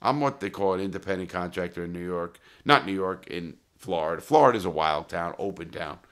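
A man with a low, deep voice spins crime stories in blunt, profane street talk. He stumbles and restarts, then bursts into loud acted lines when he quotes someone. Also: fairly quick. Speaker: storyteller. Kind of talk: casual crime storytelling.

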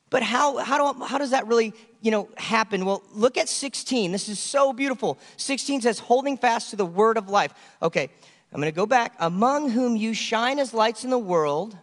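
A man preaching a sermon as pastor, telling stories in an animated way and acting out the voices of the people in them. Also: very high-pitched, moderate pace. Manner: animated storytelling, acts out voices of kids and friends. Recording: long hall reverb.

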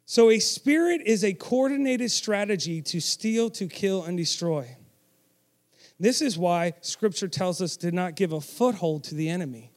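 A man's voice: sits high, expressive, a little slow. A man preaching a sermon, emphatic and direct, with self-deprecating asides and call-and-response with the congregation.

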